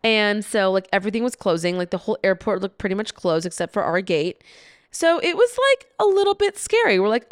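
A woman's voice: medium pitch, very animated, a little fast, no room sound, studio quality. A young adult woman hosting a podcast, telling a travel story in a chatty way, with lots of "like" fillers, frequent laughs and some swearing. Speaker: podcast host. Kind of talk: casual storytelling monologue.

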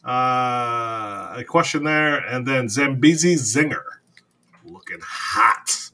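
A man's voice: mid-range voice, animated, takes it slowly, pushed and bright. A man co-hosting a podcast in casual chat, rambling, teasing and laughing often. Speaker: podcast co-host.

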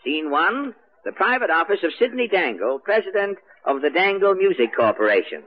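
A man's voice: high voice, big pitch swings, normal speed. A man announcing a radio comedy sketch in a mock-ominous, dramatic style, on a muffled 1940s broadcast recording.

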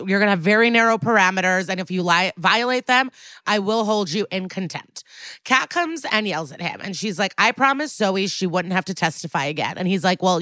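A woman podcast host tells a TV episode's plot in a chatty, animated way, slipping into quick voices for each character. Her voice sits at a middle pitch. The sound is close and dry, with no room in it. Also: clean tone, dry recording. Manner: chatty storytelling, acting out characters' lines. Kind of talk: casual recap of a TV episode.

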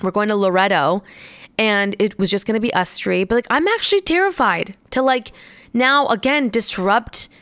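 A woman's voice: mid-range voice, lively intonation, normal speed, a bit bright, no echo. A young woman chatting casually to viewers as a parent, rambling with many fillers. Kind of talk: casual chat.

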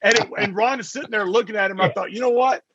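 A man's voice: high voice, fast, muffled recording, noisy background. A man telling a funny road story as a radio show guest, acting out each quoted line. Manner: animated, acts out the quoted lines. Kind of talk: casual anecdote on a radio talk show.

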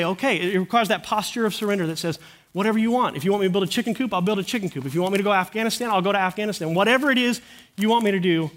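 A man's voice: high voice, fairly bright tone. A middle-aged man preaching a sermon in church, earnestly telling stories and quoting the people in them. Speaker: pastor.

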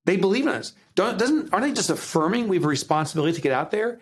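A man with a New Jersey accent, a guest author on a podcast, telling stories with animated, acted-out quotes. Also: high voice, racing, slight background noise. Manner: animated storytelling, acts out quotes. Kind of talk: podcast interview.

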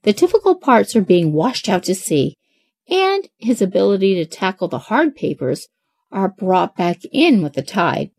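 Lively woman reading parenting tips. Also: mid-range voice, moderate pace, breathy edge. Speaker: parenting podcast host. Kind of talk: scripted advice reading.

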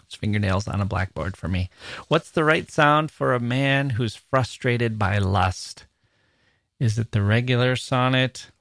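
A man hosts a podcast about poetry, speaking animatedly and acting out rhythms with nonsense syllables. His voice is medium-pitched and a little slow, with no room sound.

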